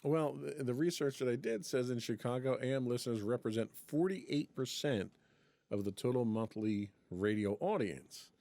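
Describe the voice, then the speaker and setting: A man's voice: medium pitch, animated, normal speed, creaky, mellow. A man co-hosting a casual podcast chat, reading from an article and laughing often. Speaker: podcast co-host.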